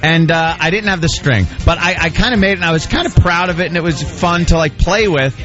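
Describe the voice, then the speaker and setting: A middle-aged man, co-hosting a radio show and telling stories in an animated way, acting out shouted voices. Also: fairly high pitch, fairly quick, muffled recording, soft background music. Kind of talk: casual storytelling on radio.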